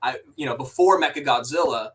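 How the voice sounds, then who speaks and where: Speaking briskly in a medium-pitched voice, a man co-hosts a podcast and discusses a film in casual, rambling fashion, restarting sentences and swearing occasionally. The low-quality recording places him at a distance.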